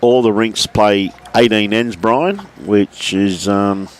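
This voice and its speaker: A man calls a lawn bowls match live from outdoors at the club. His voice sits a little low, and he chats easily, greeting viewers by name between shots. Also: steady tone, slow, smooth. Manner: chatty, greets viewers by name, says "mate" often. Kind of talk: live sports commentary.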